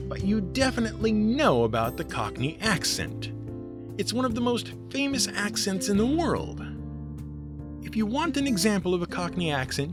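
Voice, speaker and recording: Guy reading his podcast script, kinda high and lively, wry little jabs, music under him. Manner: wry, sardonic asides. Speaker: host. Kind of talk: scripted narration.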